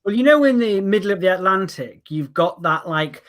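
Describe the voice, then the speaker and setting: Young male comedian, slightly high voice, dry self-mocking delivery, casual podcast chat. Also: animated, moderate pace. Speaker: comedian guest. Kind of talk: casual chat with comic bits.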